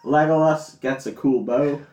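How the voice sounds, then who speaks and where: A man's voice: fairly high pitch, measured pace, warm tone. A drunk young man, recapping a film in rambling, sweary casual chat, often unsure of details. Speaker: podcast co-host. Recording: roomy echo.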